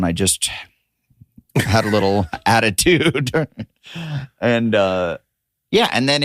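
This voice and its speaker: A man on a podcast as a comedian guest, telling stories in a lively, profane, casual way. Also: lowish voice, no echo, clean studio sound. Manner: animated, profane storyteller.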